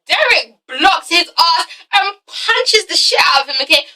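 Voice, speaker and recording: Bright, high-voiced gossipy woman reviewer. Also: a little slow, distant mic, low-quality recording. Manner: gossipy, animated, swears freely, often asks "okay?". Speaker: TV episode reviewer. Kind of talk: casual profane episode recap. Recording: voice set back from the mic.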